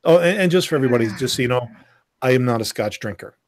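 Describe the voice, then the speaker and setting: Halting, word-repeating male co-host. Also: medium pitch, lively intonation, dry recording, studio quality. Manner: halting, repeats words, fillers. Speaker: podcast co-host. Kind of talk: casual chat.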